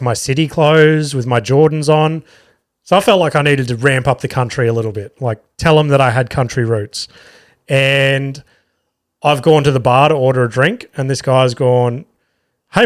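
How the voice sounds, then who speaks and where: Profane Australian comedian telling stories. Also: male voice, mid-range voice. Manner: profane, rambling, conversational. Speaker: podcast host and stand-up comedian. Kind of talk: casual storytelling monologue.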